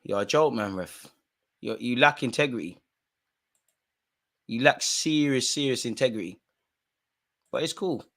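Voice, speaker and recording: A man co-hosting a live football watch-along, exasperated and heckling the referee, dropping into mutters and rising to shouts with plenty of street slang. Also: mid-range voice, a little slow, pauses often. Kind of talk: live match commentary and banter.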